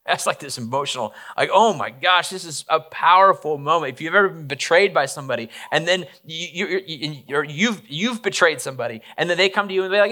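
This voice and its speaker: Bright-voiced male pastor, casual sermon. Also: a little high, fast talker, few pauses. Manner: casual retelling with acted quotes and restarts.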